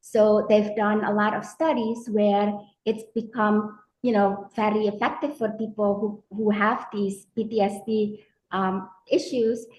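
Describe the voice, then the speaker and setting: A woman coach answering interview questions in a gentle, hesitant way, with lots of fillers. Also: medium pitch, flat delivery, a little slow, few pauses, a little hiss or hum. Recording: echoey room.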